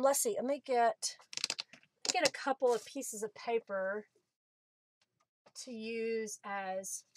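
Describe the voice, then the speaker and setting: High-voiced chatty woman livestreaming. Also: a bit bright, slight background noise. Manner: chatty, greets viewers by name, laughs often. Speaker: craft livestream host. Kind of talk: casual live-stream chat while crafting.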